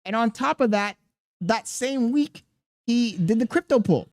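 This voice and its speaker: Animated man streaming reaction commentary. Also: very high voice, a little slow, no room sound, clean studio sound. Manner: animated, laughing, exclaims often. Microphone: streaming studio mic.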